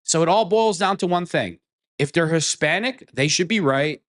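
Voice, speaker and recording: A man's voice: fairly high pitch, animated, normal speed, fairly bright tone. A man hosting a political commentary show, reacting to clips in a scornful, mocking way and swearing.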